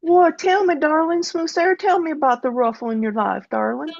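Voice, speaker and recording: A high-voiced, syrupy host with a Southern accent, as a woman acts her out, gushing and calling every guest darling. She talks about herself in the third person and hams it up for an improvised comedy sketch. The sound is dry and a little muffled, like a video call. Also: fairly quick, gravelly, no echo. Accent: American Southern. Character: gushing Southern pet-and-beauty advice host.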